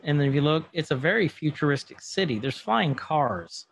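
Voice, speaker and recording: Brief: man, gravelly voice, slightly high, casual recap chat with acted-out quotes, faint ambient noise. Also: animated, normal speed. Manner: acts out dialogue quotes. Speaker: show recap co-host.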